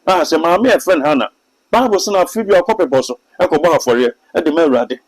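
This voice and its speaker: A man's voice: a little high, fairly quick, rough recording. A Ghanaian man, a pastor and prophet, speaks emphatically in a sermon-like way during an interview, with a Ghanaian accent. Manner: emphatic, sermon-like, mixing in English phrases. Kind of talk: preaching in an interview.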